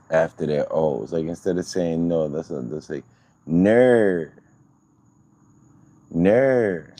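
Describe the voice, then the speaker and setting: Deep, slow-talking man on a livestream. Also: mellow. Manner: loose, profane, rambling banter. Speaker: livestream host. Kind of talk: casual livestream chat reacting to viewers.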